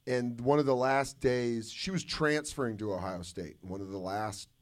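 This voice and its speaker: Profane, animated male comedian telling stories. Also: medium pitch, normal speed. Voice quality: profane, animated, slips into mocking voices. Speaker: comedian guest. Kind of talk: loose comic storytelling. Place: live podcast taping on stage.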